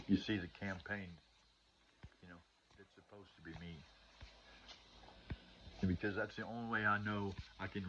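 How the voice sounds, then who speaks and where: An older man talks to his viewers in a loose, meandering way, stopping and restarting and filling gaps with "you know." His voice sits low, and he slips into preachy advice. The recording sounds dull and lo-fi. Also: a little hiss or hum. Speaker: vlogger. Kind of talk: rambling monologue to camera.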